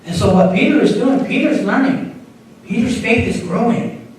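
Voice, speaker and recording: An associate pastor delivers a conversational sermon in a church sanctuary, repeating and restarting himself a little. His voice is very high, animated and slightly mellow, at a normal speed. The echoey room is captured from a distance, with slight background noise.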